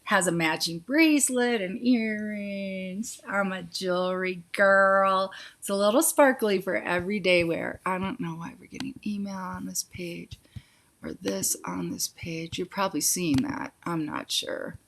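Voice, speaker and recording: A woman whose mid-range voice has a fairly bright tone chats casually on a live psychic Q&A stream. Reading each viewer question out loud, she answers with a fast, intuitive yes or no, calling them honey and sweetie.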